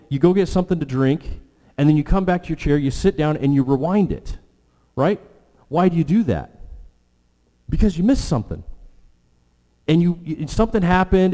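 A man preaching a sermon as pastor, earnest, with animated stretches and hushed prayerful moments. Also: fairly high pitch. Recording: long hall reverb.

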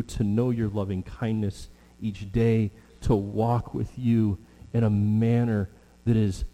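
A middle-aged man preaching a sermon with earnest, drawn-out emphasis and frequent fillers. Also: on the low side, mellow. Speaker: pastor. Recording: long hall reverb with mains hum.

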